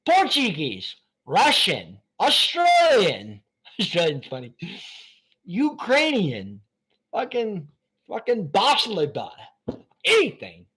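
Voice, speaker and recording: A man hosting a live stream from his phone, rambling between topics in an excitable, profane way. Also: high-pitched, slow pace, breathy edge. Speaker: channel host.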